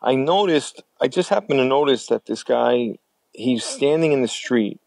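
Gravelly-voiced older man telling stories. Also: mid-range voice, expressive, darkish tone, no room sound. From New York City. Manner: rambling, halting with many fillers. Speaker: retired firefighter guest. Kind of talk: conversational storytelling.

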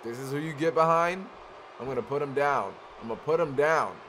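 A man's voice: a little high, a little fast, natural voice. A man voicing a cocky young male pro wrestler who taunts his opponent with brash trash talk, over a noisy recording.

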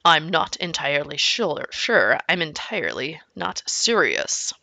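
A grumpy, stubborn father from a children's storybook, low-pitched and deliberate, as a woman reads him aloud. He speaks in stern, clipped lines with a bright, forceful edge. The voice is dry and close. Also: very animated, no echo, full character voice. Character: grumpy stubborn father, middle-aged man. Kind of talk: reading a children's book aloud.

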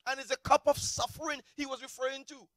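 A man preaching a sermon as a pastor, animated, swinging between shouted peaks and low, quiet asides. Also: fast, dry recording.

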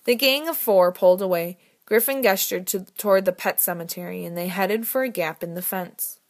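In scripted audiobook narration, a woman with a medium-pitched voice reads a novel expressively. She keeps a measured, storytelling rhythm.

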